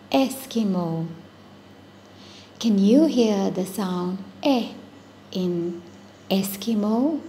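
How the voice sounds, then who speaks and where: A woman teaching phonics at a very slow, deliberate pace, saying each word twice and sounding it out. Her voice is mellow and soft. A faint hiss sits under the recording. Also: medium pitch. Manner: repeats each word, stretches sounds out slowly. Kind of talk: slow, patient phonics lesson for young children.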